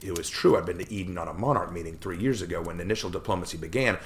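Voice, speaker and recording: A man reading aloud a first-person story he wrote himself, in a measured, expressive narrating manner. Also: deep voice, slight background noise. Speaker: storyteller reading his own fiction.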